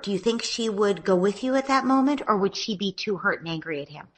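A woman giving calm, step-by-step parenting advice in a podcast interview, often acting out gentle words to children. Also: mid-range voice, fairly quick. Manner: calm, explanatory, acts out gentle parent dialogue. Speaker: parenting expert guest.

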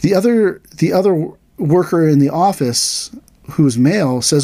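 Relaxed man telling a story on a podcast. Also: a little high, moderate pace, dry recording. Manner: animated, acts out quoted dialogue in a raised voice. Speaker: podcast host, aikido teacher. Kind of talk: casual storytelling chat.

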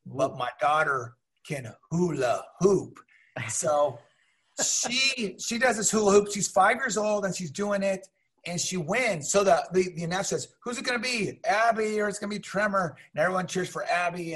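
A middle-aged man with a husky, fairly high voice tells stories in a relaxed interview. He is animated and slips into other people's voices as he goes. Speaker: guest, teacher and minor league mascot. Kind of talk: casual storytelling.

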